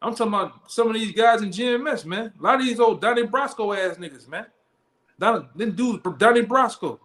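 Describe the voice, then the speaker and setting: His fairly quick voice sits high with a fairly bright tone as he leads a Bible study. The teaching is street-style: blunt, profane, and dotted with "man" and "all right?".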